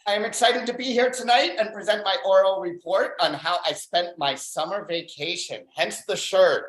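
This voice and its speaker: An open mic stand-up comedian doing a dry, deadpan set on a club stage, pausing often on fillers. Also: medium pitch. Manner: deadpan, dry one-liners with filler pauses. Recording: roomy club echo.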